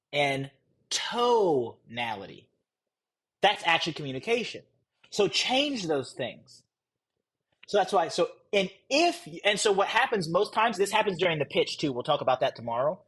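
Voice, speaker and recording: A young man teaching a live sales course, blunt and conversational, deliberately changing his pace and tone to make his points. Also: fairly high pitch, a bit bright, husky. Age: young adult. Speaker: sales coach.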